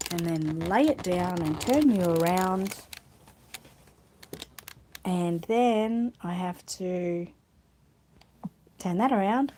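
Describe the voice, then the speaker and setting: A woman's voice: on the low side, mellow, slight background noise. An Australian woman hosting a casual live chat, rambling and reading out viewer comments while tired and yawning. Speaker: channel host.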